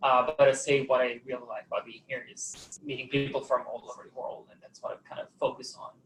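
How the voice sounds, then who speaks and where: A man from Italy speaks on a student panel, rattling along fast in a level, flat tone. His voice is middle-pitched. The room is echoey, with faint noise behind.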